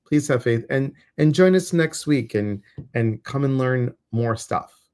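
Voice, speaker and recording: A man's voice: medium pitch, lively intonation, a little slow, darkish tone. A middle-aged man co-hosting a casual weekly livestream, telling stories animatedly and acting out his own reactions. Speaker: co-host of a weekly intuitive live show.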